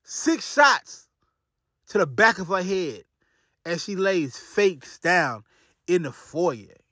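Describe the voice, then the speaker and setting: A man's voice: high voice, expressive, takes it slowly, sharp tone, dry recording, clean studio sound. A man telling a true crime story in a casual, slangy way full of fillers.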